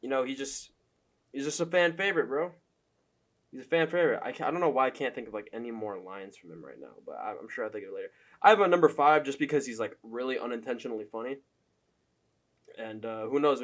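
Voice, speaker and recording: A man's voice: medium pitch, fast talker. A young man giving loose, profane opinion commentary as a fan, full of fillers and laughs.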